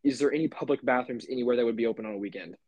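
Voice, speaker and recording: A man's voice: mid-range voice, rapid-fire, darkish tone, no echo, muffled recording. A young man co-hosting a podcast, telling a story in a loose, rambling way with lots of "like" and swearing. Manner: rambling, swears a lot, many fillers. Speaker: podcast co-host. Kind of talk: casual chat.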